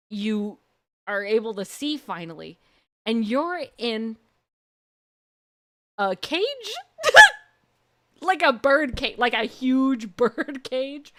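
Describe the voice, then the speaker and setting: A woman streamer casually retelling a long dream story, full of "like" and slow dramatic pauses. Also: on the high side.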